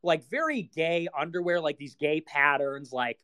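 A man's voice: a little high, lively intonation, moderate pace, bright, forceful tone. A young man hosting a livestream, talking in a rambling, filler-heavy way with laughing asides. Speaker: livestream host. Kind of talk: rambling casual chat.

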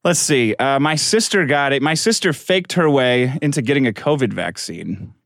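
A man's voice: medium pitch, moderate pace, no room sound, clean studio sound. A man in his forties hosting a casual podcast chat, sardonic and swearing as he tells stories. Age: 40s. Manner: sardonic, swears often, animated storytelling.

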